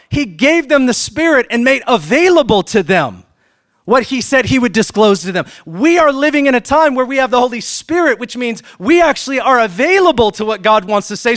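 A man preaching a sermon as pastor, animated, acting out questions and answers, swinging between loud emphatic peaks and quiet asides. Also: extremely high pitch.

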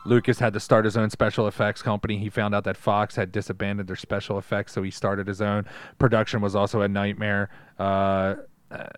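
A man's voice: on the low side, level tone, a little fast, clear, resonant tone, dry recording, soft background music. A man co-hosting a casual podcast, reading trivia notes and joking with profanity. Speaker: podcast co-host.

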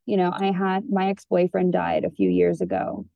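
A woman's voice: on the low side, sing-song, moderate pace, vocal fry, no echo, muffled recording. A woman therapist talking as a podcast guest in an earnest, rambling way, with many fillers, and sounding teary. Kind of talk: casual conversation.

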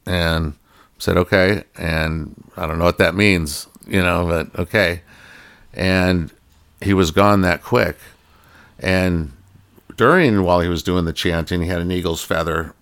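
A man's voice: low-pitched, steady tone, measured pace, a bit bright. A middle-aged man telling a personal story in a casual, rambling way, full of fillers and restarts. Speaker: guest telling his story.

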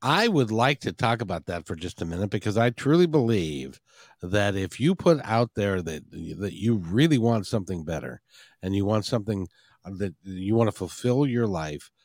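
Brief: man, talk radio host, upbeat and rambling, very animated pitch, dry close sound. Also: moderate pace, no room sound. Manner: enthusiastic, chatty, rambling.

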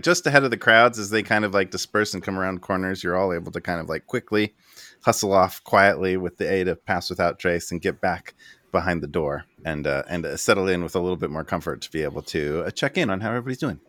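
A man who is the game master of a tabletop game, narrating in a relaxed, rambling way with fillers. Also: low voice, quick pace.

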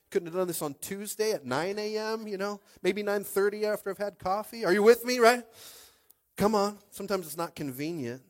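Man, pastor, fairly high voice, chatty sermon, hushed to shouting. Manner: conversational, calls out to congregation, swings from hushed to shouting. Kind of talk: lively sermon.

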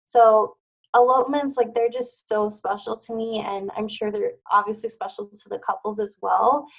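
Gravelly-voiced woman chatting casually. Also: medium pitch, level tone, moderate pace, low-quality recording. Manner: chatty, with many "like" fillers. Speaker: wedding planner, podcast guest. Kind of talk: casual interview chat.

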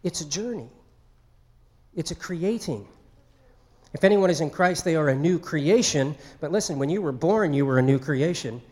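A man's voice: fairly high pitch, lively intonation, moderate pace, darkish tone. A man preaching a sermon in a conversational way, acting out quoted speech. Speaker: pastor.

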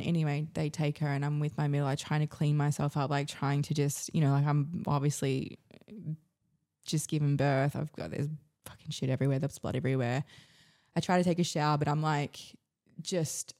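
An Australian woman tells her story as a podcast guest, her voice low-pitched and mellow. She talks frankly and ramblingly, full of fillers and easy swearing. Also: level tone, normal speed. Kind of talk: candid personal storytelling.

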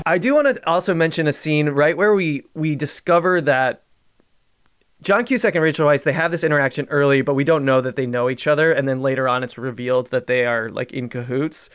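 A man's voice: a little high, brisk, clean tone, no room sound, clean studio sound. A man co-hosting a podcast, chatting casually about a film and telling stories with laughs. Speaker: podcast co-host.

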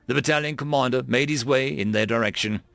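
A man narrating an audiobook in an expressive voice, voicing many characters. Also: medium pitch, fast, vocal fry, no echo.

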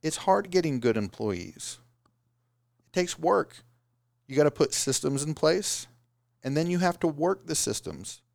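Gravelly-voiced man giving business advice. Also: on the high side, unhurried, pauses often, no echo, clean studio sound. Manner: animated, does mocking voices of excuses. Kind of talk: casual motivational talk.

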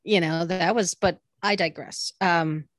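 A woman's voice: lowish voice, fairly even intonation, measured pace, no room sound, studio quality. A woman co-hosting a wrestling podcast, talking casually in a rambling way with many fillers and restarts. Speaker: podcast co-host. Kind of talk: casual chat.

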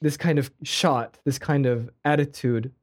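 A man in casual conversation, talking in an excitable, enthusiastic way. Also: medium pitch, unhurried. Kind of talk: casual chat.

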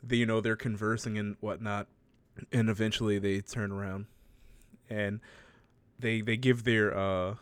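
A man's voice: lowish voice, level tone, unhurried, smooth, no echo. A man casually recapping a story and acting out the characters' lines, laughing often as he talks.

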